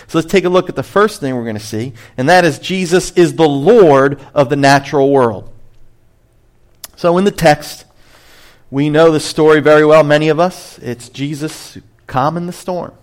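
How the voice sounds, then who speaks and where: A man preaching a sermon as pastor, animated, rising high to stress a point and dropping low on asides. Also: moderate pace.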